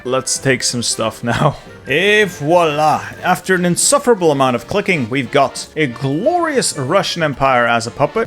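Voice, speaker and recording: A man's voice: mid-range voice, a bit bright. Exasperated man narrating a strategy game. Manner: exasperated ranting, sarcastic. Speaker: gaming YouTuber. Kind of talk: gameplay commentary.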